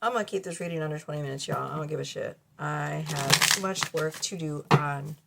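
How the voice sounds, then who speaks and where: A woman with children gives a casual tarot reading to camera from a cluttered bedroom at home, blunt, profane and laughing often. Her voice is low and a little fast with vocal fry, and the camera-mic recording is very noisy.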